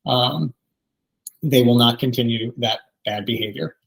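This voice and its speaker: A man's voice: mid-range voice, measured pace, gravelly, fairly bright tone, husky, low-quality recording. A man in his thirties, a therapist, giving a conversational training talk with many ums. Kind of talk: training presentation.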